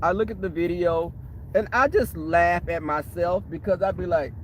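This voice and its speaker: While waiting on a shuttle outdoors or in transit, this high-voiced man hosts a casual phone livestream, addressing viewers directly at a moderate pace. Laughter punctuates his animated, wandering anecdotes, and a slight hiss or hum sits under the audio.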